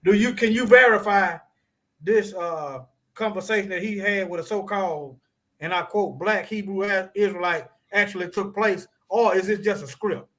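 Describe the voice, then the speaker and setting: A man co-hosting an online talk show, speaking haltingly with many repeated words and frequent laughs. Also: sits high, fairly bright tone. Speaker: podcast co-host. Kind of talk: casual religious discussion.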